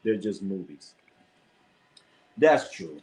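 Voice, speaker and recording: A man hosting a casual sports livestream, reacting to the chat in a jokey, animated way. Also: low-pitched, takes it slowly. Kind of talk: casual live chat commentary.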